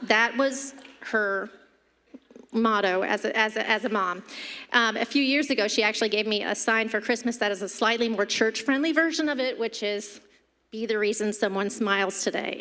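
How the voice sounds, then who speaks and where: A middle-aged woman giving a humorous eulogy for her mother, telling family anecdotes with light laughter at a church podium. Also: a little high. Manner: warm anecdotal delivery, laughing between stories. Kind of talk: humorous memorial storytelling. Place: church sanctuary. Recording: long church reverb.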